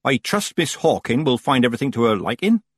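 Man doing cold bossy old witch lady, clipped, husky voice. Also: mid-range voice, sing-song, fast, voice pushed up. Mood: stern. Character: stern, icy old woman witch.

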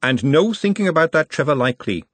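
A man's voice: fairly high pitch, sing-song, fast talker, a bit bright, husky, no room sound, voice pushed up, exaggerated voice. A man voicing a sensible, bossy young working woman who talks in a firm, scolding way.

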